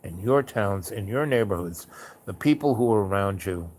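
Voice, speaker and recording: A man's voice: on the low side, animated, moderate pace, darkish tone, a little hiss or hum. A man hosting, telling stories in a rambling casual way, full of "you know" and "like", who slips into a theatrical voice for quotes. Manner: acts out quotes in a raised theatrical voice. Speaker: host. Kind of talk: casual storytelling monologue.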